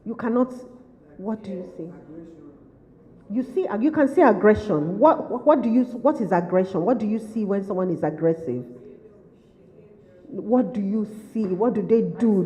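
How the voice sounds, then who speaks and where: A woman's voice: mid-range voice, expressive, a little slow, pauses often, dark tone. A woman trainer giving a workshop lecture to caregivers, firing off repeated questions and restating her points. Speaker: behaviour management trainer. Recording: lo-fi recording with long hall reverb.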